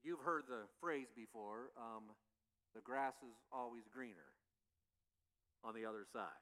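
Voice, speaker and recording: A man's voice: mid-range voice, a little slow, fairly bright tone. A male pastor preaching a sermon in a conversational way, often repeating rhetorical questions to the congregation. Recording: long reverb of a large hall.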